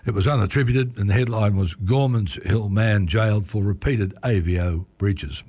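A man with a hoarse, croaky voice, reading newspaper articles aloud on community radio in a steady, measured way. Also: on the low side, no echo. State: hoarse, croaky, clearing his throat. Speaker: volunteer newspaper reader.

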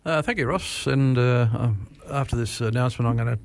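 A man's voice: medium pitch, fairly quick, darkish tone, dry recording. A man presenting a talking newspaper show on community radio, reading an article with frequent "uh" and "um" fillers. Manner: hesitant, with many "uh" and "um" fillers. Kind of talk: hosting a talking newspaper program.

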